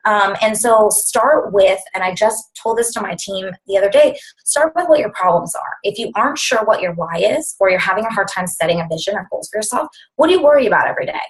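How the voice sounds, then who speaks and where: A woman's voice: medium pitch, quick pace, hardly any pauses, rough recording. A young woman coaching her team over a video call, talking bluntly and with lots of fillers. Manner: blunt, animated, filler-heavy.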